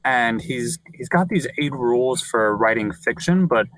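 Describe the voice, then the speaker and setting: A man in a casual podcast discussion, speaking hesitantly with many pauses. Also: mid-range voice, animated, fairly bright tone, no echo, rough recording. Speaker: author and podcast guest.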